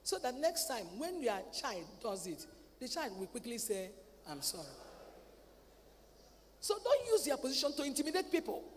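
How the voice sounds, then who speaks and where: A woman preaching a sermon at a convention. She talks in a lively way, acts out family dialogue and repeats words. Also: sits high, fairly quick. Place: large convention hall. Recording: reverberant hall, faint ambient noise.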